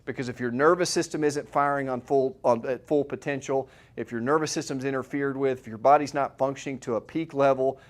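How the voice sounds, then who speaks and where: Chatty middle-aged man giving a seminar. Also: mid-range voice. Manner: conversational, peppered with rhetorical questions and "right?". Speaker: chiropractor giving a health seminar. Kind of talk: live seminar talk to an audience. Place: room with a live audience.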